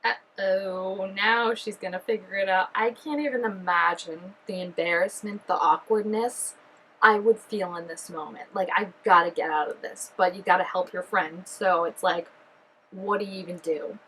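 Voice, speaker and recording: A woman chatting excitedly through a reaction video, full of fillers and giggly asides. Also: medium pitch, moderate pace, slightly rough, low-quality recording. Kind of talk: casual reaction commentary.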